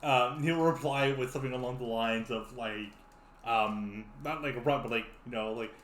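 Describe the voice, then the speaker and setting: A game master talking casually at a tabletop game, unhurried and laughing often. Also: mid-range voice, fairly bright tone, echoey room, slight background noise.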